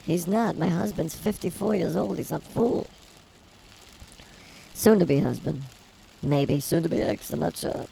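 A woman co-hosting a casual comedy podcast, telling a rambling story in a wry, deadpan way. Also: lowish voice, unhurried, creaky, long pauses, a little hiss or hum, rough recording. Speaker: podcast co-host.

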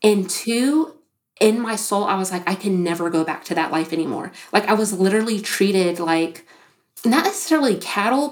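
A woman in her thirties, a podcast guest telling her own story in casual talk, animated, with frequent "like" fillers and acted-out quotes. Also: fairly low pitch. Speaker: podcast guest, business founder.

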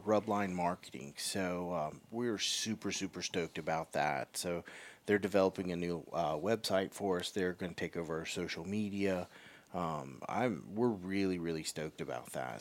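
A deep-voiced man from the American South, speaking as an interview guest. He talks in halting bursts with frequent pauses and restarts. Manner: hesitant, many fillers and restarts. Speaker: guest, company representative. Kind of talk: casual interview chat.

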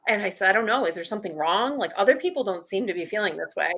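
A woman with a bright, forceful voice tells a candid personal story as a podcast guest. She is chatty, fills her talk with "like", and acts out what she thought back then. Her pitch sits in the middle of the usual range. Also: expressive, racing, hardly any pauses, slightly rough. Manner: chatty, heavy use of "like", acts out past thoughts.

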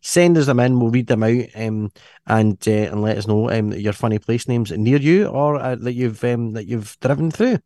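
A man's voice: medium pitch, moderate pace, dark tone, no room sound, clean studio sound. A Scottish man hosting a casual podcast chat, rambling and chuckling as he reads items out. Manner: rambling, chuckling, self-interrupting. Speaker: podcast host.

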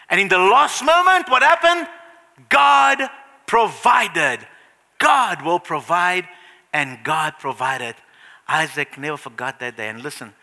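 A male preacher telling a Bible story in a sermon, animated, with frequent restarts and sudden hushed passages, in a reverberant church hall. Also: high-pitched.

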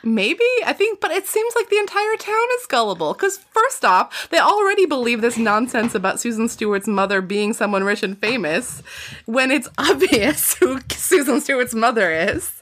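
A woman's voice: a little high, very animated, normal speed, fairly bright tone. A woman hosting a casual book discussion, chatty and often laughing, mixing reading aloud with her own asides. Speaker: podcast host. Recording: music playing underneath.

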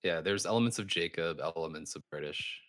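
Very deep guy co-hosting a comedy podcast, playful jokey chat, dry sound. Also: brisk, a bit bright, dry recording. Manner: joking, playful, boastful. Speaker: podcast co-host. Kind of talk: casual chat with put-on British accents.

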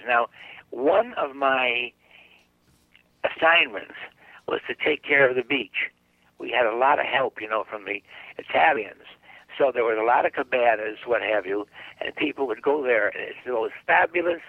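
A man's voice: medium pitch, no echo. An older man, a guest psychic, telling a long anecdote in a radio interview and acting out the dialogue as he goes. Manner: chatty anecdotal storyteller, acts out dialogue. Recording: dry, phone-like narrow line.

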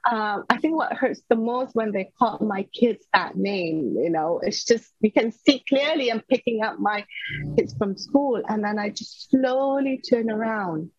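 A woman in her thirties tells her story as a guest, her voice somewhat husky and a bit high. She speaks earnestly and from the heart. The recording is dry and slightly dull. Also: dry recording. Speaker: podcast guest. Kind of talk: personal storytelling in an interview.

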